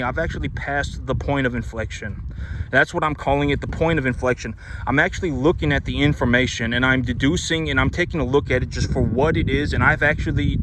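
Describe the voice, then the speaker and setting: A man talks in a blunt, lecturing monologue, circling back and repeating his points with many restarts. His voice sits at an ordinary middle pitch. A faint hum runs underneath, as if recorded near a vehicle. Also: a bit bright. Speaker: cattle rancher and business owner. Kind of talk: casual monologue to camera.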